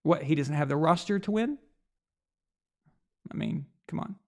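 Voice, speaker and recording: A man's voice: fairly high pitch, animated, measured pace, darkish tone. A man hosting a sports reaction show, delivering a blunt, heated rant full of rhetorical questions and profanity. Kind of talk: opinionated sports commentary rant.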